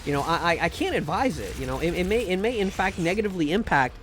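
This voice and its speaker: A man's voice: high-pitched, expressive, fairly bright tone, slight background noise. A man imitating an earnest, formal role-player. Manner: measured, hesitant, formal.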